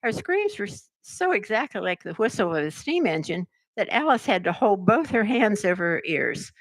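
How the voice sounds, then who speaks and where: An older woman reading a children's story aloud, narrating in an expressive, measured way. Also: medium pitch, dry recording. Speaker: resident reader.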